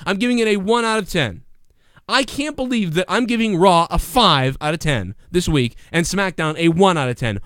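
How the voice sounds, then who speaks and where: A man reviewing a wrestling show on a livestream, rambling and swearing in casual, excitable talk. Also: high-pitched, no echo, clean studio sound. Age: adult parent. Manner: profane, rambling, excitable, acts out bits in quotes.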